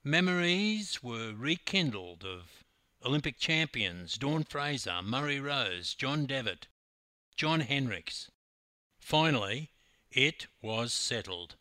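A man's voice: mid-range voice, very animated, takes it slowly, pushed and bright, dry recording. An older man with an Australian accent, a swimming coach telling a story with wry humor. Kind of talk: storytelling narration.

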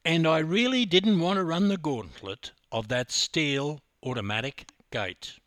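A man's voice: fairly high pitch, measured pace, a bit bright, no room sound. A man from Queensland with an Australian accent, narrating a personal story as a podcast host in an emphatic, dramatic way.

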